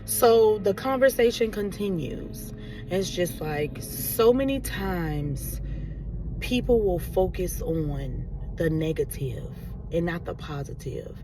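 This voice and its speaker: A woman telling a casual story-time vlog in a chatty, animated, sarcastic way, full of fillers. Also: on the low side, slow pace, far from the mic, over music. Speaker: vlogger. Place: car on the road.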